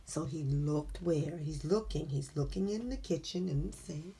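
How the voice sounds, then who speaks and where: A woman reading a picture book aloud to children, slowly and encouragingly, asking them questions. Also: low-pitched, dark tone, husky. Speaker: storybook reader.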